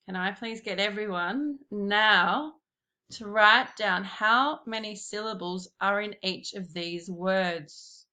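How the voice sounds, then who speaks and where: A woman giving a slow, patient classroom lesson, talking straight to her pupils. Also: mid-range voice, pushed and bright. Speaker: primary school teacher.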